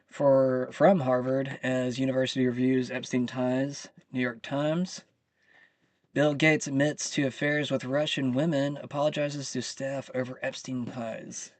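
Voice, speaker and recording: A man's voice: mid-range voice, darkish tone, no echo. A man hosting his own channel, venting about the news in a heated, profane rant. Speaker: channel host. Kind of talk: live commentary rant.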